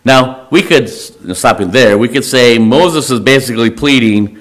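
Man preaching a halting, conversational sermon. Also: medium pitch, a bit bright. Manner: conversational, halting, with many restarts and fillers. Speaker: pastor. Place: church sanctuary.

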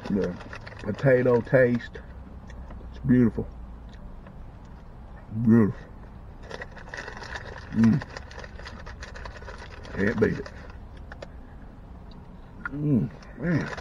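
Slow, gravelly man savoring his meal. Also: medium pitch, animated, mellow, lo-fi sound, slight background noise. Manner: savoring food, talking with his mouth full. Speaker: food vlogger. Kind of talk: casual eating vlog.

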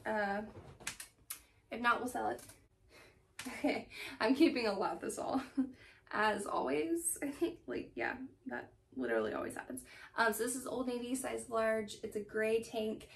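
A woman's voice: fairly high pitch, expressive, a little slow, creaky, pauses often, recorded from a distance. A young woman chatting casually at home about her thrift haul, rambling and laughing often. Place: home room.

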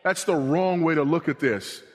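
Male pastor, middle-aged, sermon, emphatic then hushed, slightly high voice, long church reverb. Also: normal speed. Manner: emphatic preaching, swinging from loud repetition to hushed low delivery. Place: church sanctuary.

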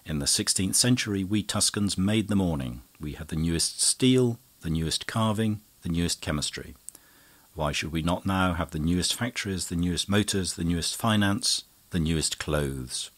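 A man's voice: low-pitched, moderate pace, fairly bright tone. A man reading as Ezza, a grave, grandiose young schemer. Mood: declaiming. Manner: grave, declaiming.

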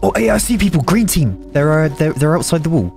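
A man talking through a tense multiplayer match, his pitch leaping up and down as he reacts. He is excitable and jittery, and switches between quick callouts and calm story narration. Faint music plays underneath. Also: creaky. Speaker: gaming channel host. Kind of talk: gameplay voice chat and narration.

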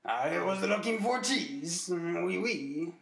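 A man's voice: high voice, animated, slow, vocal fry, fairly bright tone, pitched below the performer's own voice, full character voice. A guy doing a silly cheese hunter. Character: French man hunting for cheese. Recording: roomy, noisy amateur recording.

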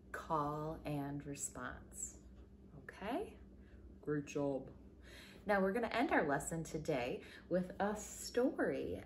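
Lively sing-song woman teaching young children. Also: slight background noise. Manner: animated, sing-song teaching voice with big pitch jumps; slow, deliberate, encouraging explanations. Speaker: elementary music teacher. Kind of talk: recorded music lesson for young children.

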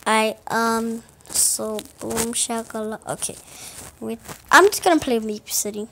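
A woman's voice: fairly high pitch, measured pace, fairly bright tone, slight background noise. A woman chatting playfully through a gameplay video, rambling and talking to herself as she plays. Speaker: gaming video creator. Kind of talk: casual gameplay commentary.

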